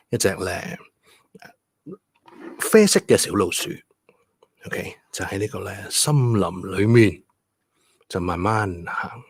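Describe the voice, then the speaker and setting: A man's voice: deep voice, moderate pace, breathy edge, no echo. A man, teaching stress and rhyme through a bedtime story on a livestream, patient and step by step. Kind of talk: bilingual livestream lesson and bedtime story reading.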